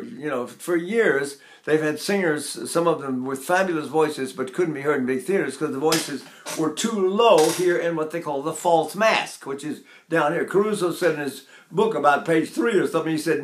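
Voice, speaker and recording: Older male vocal coach, higher speaking pitch, echoey classroom sound. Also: normal speed, few pauses. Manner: talks to his class, breaks into brief sung and nasal demonstrations. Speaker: voice teacher. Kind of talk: vocal lesson with sung demonstrations.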